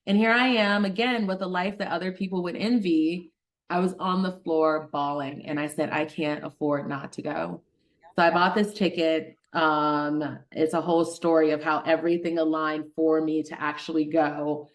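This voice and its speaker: A middle-aged woman physician from Detroit telling a personal story in an interview, animated, acting out the voices of people she quotes. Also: sits low, moderate pace. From Detroit, Michigan. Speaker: guest, physician.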